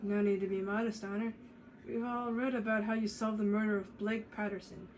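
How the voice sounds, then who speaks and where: A woman's voice: mid-range voice, little pitch movement, fairly quick, darkish tone, a little hiss or hum, lightly acted, poor audio. A woman voicing a smug, needling man with a drunken slur as she reads a mystery game aloud. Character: smug tipsy-sounding man, needling host.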